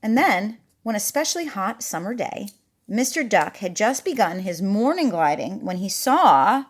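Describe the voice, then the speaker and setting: A woman's voice: mid-range voice, sing-song, measured pace, husky. A woman reading a picture book aloud to a child, chatty and playful, stopping to talk about the pictures. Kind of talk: storybook read-aloud to a child.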